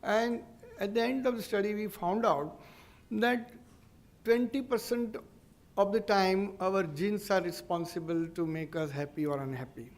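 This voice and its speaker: A man with an Indian English accent, giving an earnest, explanatory public lecture as a neurologist, pausing and restarting as he goes. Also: sits high.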